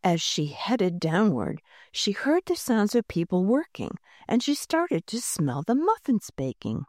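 A woman reads a children's chapter book aloud, her voice warm and mellow and set fairly low. Her pitch rises and falls in a lively, expressive way, and the recording is close and dry. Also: measured pace, no room sound. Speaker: narrator. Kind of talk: storybook narration read aloud.

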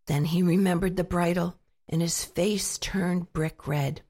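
A woman reading a children's storybook aloud in an expressive, playful way with dramatic pauses. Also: lowish voice, slightly rough.

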